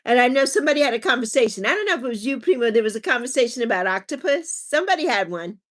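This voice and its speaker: Animated woman chatting on a livestream. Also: on the high side, racing. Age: adult with a child. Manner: chatty, reads comments aloud and laughs often. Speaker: livestream host. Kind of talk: casual live chat reading viewer comments.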